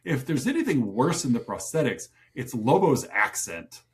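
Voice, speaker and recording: A man's voice: mid-range voice, very animated, normal speed. Easygoing man with dry wisecracks. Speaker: podcast co-host. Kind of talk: casual movie review chat.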